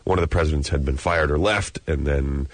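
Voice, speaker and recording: A man who hosts a game show, chatting as a guest in a casual interview and telling animated stories with frequent laughter. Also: extremely low pitch, a little fast, no echo.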